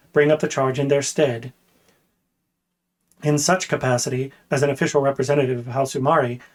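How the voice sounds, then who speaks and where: Brief: fiery, outspoken young princess-elect, read by a man, higher-pitched and exasperated. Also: close to an everyday voice. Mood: formal insistent. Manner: raised, demanding, exasperated delivery.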